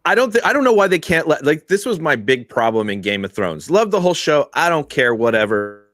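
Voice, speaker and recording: A man's voice: fairly high pitch, sing-song, brisk, fairly bright tone, no echo, studio quality. A man co-hosting a casual podcast, joking in a wry way. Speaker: podcast co-host. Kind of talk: casual chat.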